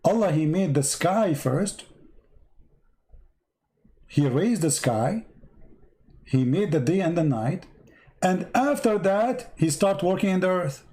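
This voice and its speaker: A man hosting a live stream debate, insistently repeating his questions to a caller and reading verses aloud, his voice going hoarse. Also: high-pitched, animated, slow, long pauses, mellow, low-quality recording. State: losing his voice.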